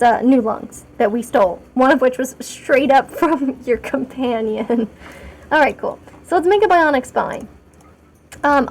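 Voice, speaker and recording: A woman streamer with a high voice talks through her game in a loose, rambling way. She keeps poking fun at herself and gets excited easily. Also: a little hiss or hum. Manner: rambling and chatty, talking to chat while playing; self-mocking and excitable. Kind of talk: casual live-stream commentary.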